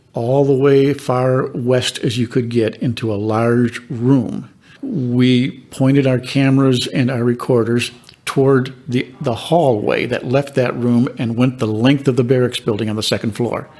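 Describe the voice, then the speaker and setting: A man's voice: mid-range voice, husky, no echo. Older man telling ghost stories. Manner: calm, measured storytelling with dramatic pauses. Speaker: paranormal investigator and reverend. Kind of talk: storytelling.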